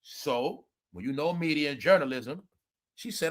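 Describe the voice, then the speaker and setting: Guy with aave ranting to his viewers, high voice, kinda profane. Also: measured pace. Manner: animated, profane, addresses viewers as y'all. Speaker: commentary show host. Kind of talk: ranting video commentary.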